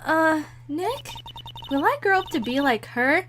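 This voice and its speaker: A woman's voice: sits high, sing-song, measured pace, pitched above the performer's own voice. A woman voicing an eager, cheeky teenage girl sidekick, with game music behind her. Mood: excited.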